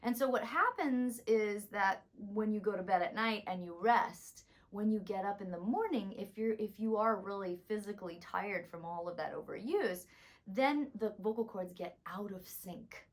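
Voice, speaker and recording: Hoarse woman voice teacher, tired voice. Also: moderate pace. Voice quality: slight rumble in speaking voice. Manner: calm, instructive, demonstrating exercises. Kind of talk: vocal warm-up lesson.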